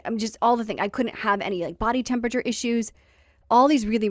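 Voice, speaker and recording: A woman's voice: medium pitch, dry recording. Woman host, chatty and wry, acts out the quotes, dry close mic. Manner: lively, wry storytelling with acted-out quotes and laughter. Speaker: podcast host. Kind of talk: casual storytelling chat.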